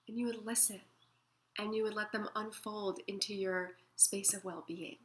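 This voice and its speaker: A woman teaching an emotional wellness method in a gentle, soothing way, sometimes acting out feelings as she talks. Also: medium pitch, fairly even intonation, moderate pace. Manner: gentle, soothing, acts out feelings in quoted asides. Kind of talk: guided self-help talk.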